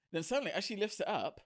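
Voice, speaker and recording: A man co-hosting an improvised comedy podcast, narrating a silly story with laughs and quick character voices on a close mic. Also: high voice.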